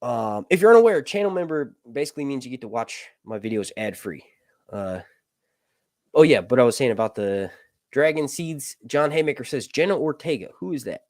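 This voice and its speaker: A man's voice: mid-range voice, animated, a little fast, a little mellow, no echo, clean studio sound. A man in his early thirties, host of a casual live stream, rambling, joking and swearing as he loses his train of thought. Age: 30s.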